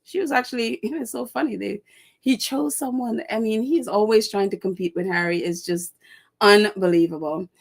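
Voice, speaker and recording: A woman's voice: medium pitch, moderate pace, gravelly. A woman hosting a casual live stream, reading viewer comments and chatting with frequent laughs, fillers and sarcastic asides. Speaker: host.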